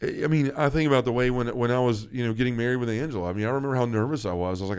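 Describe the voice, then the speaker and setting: Talking very fast in a clear, resonant, darkish medium-pitched voice, this faith-podcast co-host in his thirties is earnest and emotional. He often starts his sentences over.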